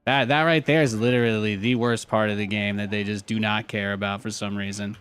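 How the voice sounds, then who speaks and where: A man's voice: fairly low pitch, steady tone, brisk, a bit bright, clean tone. A young man streaming a strategy game and chatting about it as he plays, rambling and repeating phrases. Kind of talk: live gameplay commentary.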